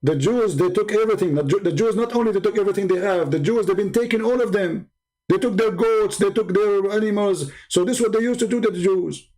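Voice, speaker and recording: A man's voice: high voice, mellow, low-quality recording. A man arguing heatedly on a live stream, reading out and translating source texts and firing rhetorical questions. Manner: combative, fires rhetorical questions. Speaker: live-stream religious debater.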